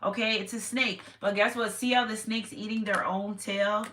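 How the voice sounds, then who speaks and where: A woman's voice: mid-range voice, fairly even intonation, normal speed, a bit bright. A woman giving a casual tarot reading to her viewers, chatty and repetitive with sudden exclamations. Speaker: tarot reader. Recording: echoey room with faint noise.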